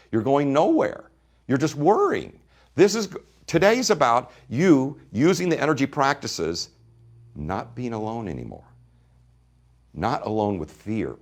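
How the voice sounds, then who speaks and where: A man teaching energy practices in a spoken talk, retelling a conversation with a client and then speaking straight to his listeners, moving between emphatic and quiet delivery. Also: medium pitch.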